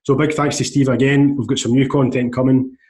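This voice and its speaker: A man's voice: mid-range voice, level tone, brisk, a little mellow. A man hosting a podcast over a video call, friendly and chatty, laughing often. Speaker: podcast host. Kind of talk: casual chat.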